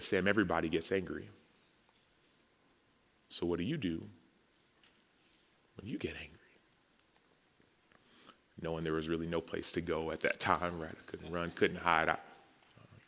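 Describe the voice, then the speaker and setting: Before an audience in a large hall, a summit speaker whose voice sits low, with vocal fry and long pauses, tells his personal testimony at a moderate pace. He acts out the remembered conversations and becomes emotional and animated, and the reverberant recording carries a little hiss or hum.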